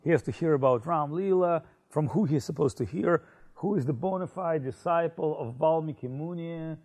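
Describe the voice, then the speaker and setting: A man telling a story in a casual conversation, animated and full of fillers. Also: on the high side, moderate pace. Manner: animated, many fillers and restarts, laughs. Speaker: spiritual speaker.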